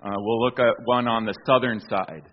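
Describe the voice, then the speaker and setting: A man from the United States talks through a slideshow in a loose storytelling way, full of ums and restarts. His voice sits at an ordinary pitch. The recording is dull and lo-fi, with the top end rolled off. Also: steady tone, moderate pace. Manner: storytelling with fillers and restarts, chuckling. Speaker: speaker presenting an archaeology slideshow. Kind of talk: casual illustrated talk.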